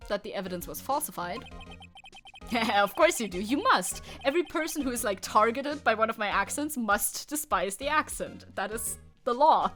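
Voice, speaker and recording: Young woman streamer chatting and giggling through a game, fairly high voice, faint music behind. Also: lively intonation, a bit bright. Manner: giggly, chatty, quick to laugh. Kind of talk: casual gameplay commentary.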